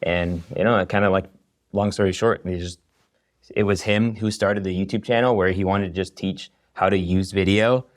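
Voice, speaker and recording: A man's voice: sits low, moderate pace, no room sound, clean studio sound. A man in his thirties, a podcast guest who teaches video, telling his story energetically with lots of "you know". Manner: energetic, storytelling, many fillers. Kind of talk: casual interview chat.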